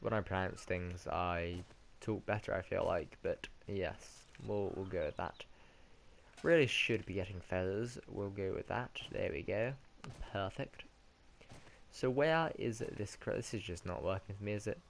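A man's voice: low voice, a little slow, creaky, slight background noise. A man with a British accent giving casual let's-play commentary, rambling and correcting himself as he goes. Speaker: gaming commentator.

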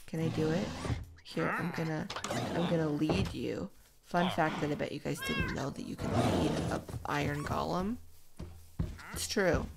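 Woman, ASMR gameplay commentary, soft whispering, creaky voice, steady background noise. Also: low voice, moderate pace. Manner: soft whispering, chatty asides to the game animals. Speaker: gaming channel host.

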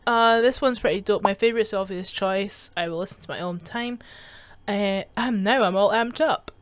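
A woman's voice: medium pitch, moderate pace, no room sound. A young woman giving casual gaming commentary as she reads chat messages aloud, swearing and laughing often, with a sarcastic edge. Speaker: gaming streamer.

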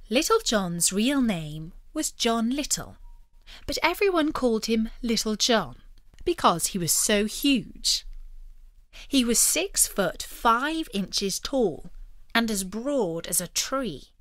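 Slow, bright-voiced woman narrator. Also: a little high, very animated, no room sound, studio quality. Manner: slow, clear, careful reading. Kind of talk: audiobook narration for learners.

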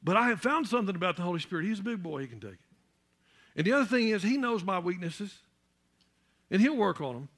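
A man delivers a church sermon in a high, sharp, forceful voice. He builds steadily to loud, emphatic peaks and often repeats a word while reaching for the next. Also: very animated, fast talker, pauses often. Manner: repeats words while searching for the next one. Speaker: pastor.

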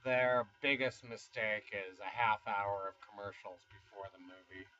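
A man's voice: on the low side, steady tone, unhurried, bright, forceful tone, lo-fi sound. A man in his fifties from the United States, rambling casually and self-deprecatingly in a vlog, with chuckling asides. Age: 50s. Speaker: YouTuber. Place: home studio.

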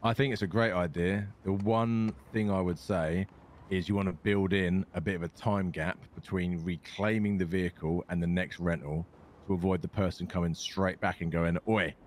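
A British man with a notably deep, low voice talks in character in a role-play game. He is matter-of-fact and swears casually, and his easy laugh shows through. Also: a little mellow, slight background noise.

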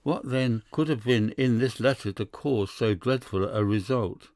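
A man voicing a sharp young male detective who speaks urgently. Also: mid-range voice, unhurried, no echo, studio quality, lightly acted. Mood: alarmed.

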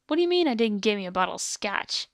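A woman's voice: a little high, steady tone, a little slow, gravelly, dry recording. A woman doing a tough gunslinging cowgirl. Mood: angry shouting. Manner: drawling, threatening, loud bursts when shouting. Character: tough gunslinging cowgirl, hard-drinking and threatening. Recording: dry close headset mic.

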